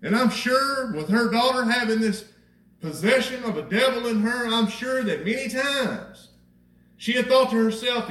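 Speaking at normal speed, this male pastor has a high, somewhat bright voice and preaches in a conversational style, full of rhetorical questions and emphatic repetition aimed at his congregation. The echoey sanctuary and distant microphone give the sound a roomy, far-off quality.

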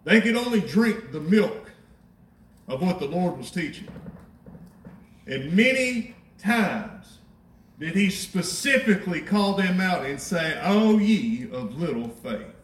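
A high-voiced man preaches a sermon in a lively, conversational way, tossing in wry asides. His voice swings widely in pitch. He is picked up from a distance in an echoey church, with faint room sound behind him. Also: slow, long pauses. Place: church sanctuary.

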